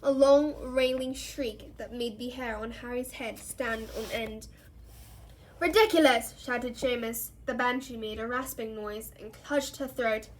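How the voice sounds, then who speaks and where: A woman's voice: a little high, steady tone, a little slow, hardly any pauses, a little hiss or hum, poor audio. A woman reading a novel aloud for a book club, narrating steadily and expressively.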